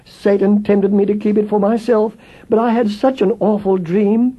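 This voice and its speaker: A man's voice: high voice, flat delivery, normal speed, warm tone, voice pushed up. A man voicing an eager young boy in a storybook tale, in a raised, earnest voice. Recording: tinny phone-like with faint music.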